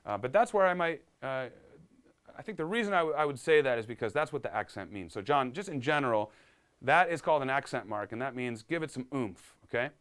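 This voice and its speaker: A man's voice: mid-range voice, lively intonation, a little fast, a bit bright. A man giving a live-streamed piano lesson, upbeat and chatty, reading viewer comments aloud and explaining as he goes. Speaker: piano teacher.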